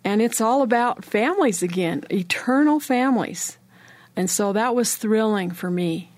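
A woman's voice: a little high, expressive, moderate pace, a little mellow, no room sound. A woman who is a church leader speaking as a guest on a religious panel, enthusiastic and reverent as she talks.

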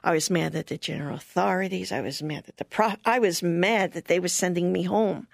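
An older woman being interviewed, telling a personal story in a lively way and often laughing. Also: lowish voice, fairly quick, creaky, dry recording, clean studio sound.

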